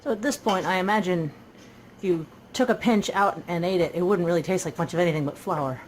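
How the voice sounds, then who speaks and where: A woman co-host trades quick, teasing jokes from across a home kitchen. She talks fast and lands short quips between his explanations, with faint noise in the background. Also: on the low side, poor audio. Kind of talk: casual banter.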